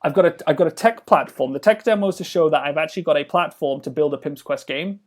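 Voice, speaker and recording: A man with a fairly high voice chatting in a casual podcast interview. He rambles, trips over restarts and leans on fillers while explaining a game he is building. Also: quick pace. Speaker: game developer guest.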